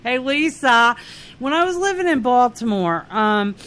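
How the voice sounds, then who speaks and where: A woman co-hosting a comedy podcast, chatting casually and laughing often as she tells animated stories. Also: a little high, unhurried. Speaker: podcast co-host.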